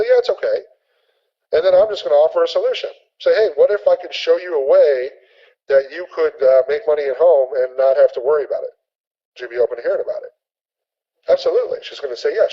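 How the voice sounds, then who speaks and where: Energetic man leading a sales webinar. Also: a little high, husky, lo-fi sound. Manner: energetic, repetitive, acts out sample conversations. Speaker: sales trainer. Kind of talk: webinar training talk.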